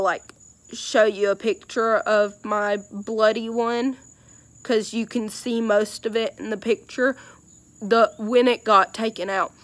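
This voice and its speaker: A woman's voice: mid-range voice, dry recording. A young woman telling a personal story in a casual, rambling way with many fillers and hesitations.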